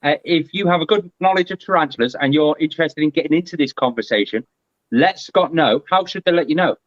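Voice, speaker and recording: A man's voice: a little high, fast, dry recording. Chatty man on a dull call. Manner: chatty and animated. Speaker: guest. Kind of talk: casual live-stream chat.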